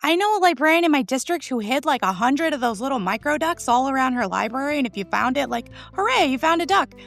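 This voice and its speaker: Upbeat woman with a gravelly edge. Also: high voice, lively intonation, fast talker, a bit bright. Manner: enthusiastic, laughs often, asks "right?". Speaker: school librarian, podcast guest. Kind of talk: conversational interview.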